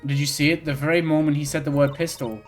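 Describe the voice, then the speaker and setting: A man voicing a cheerful teenage girl magician as he reads a game's lines aloud, in a calm, explaining way. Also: fairly high pitch, fast talker, soft background music, natural voice.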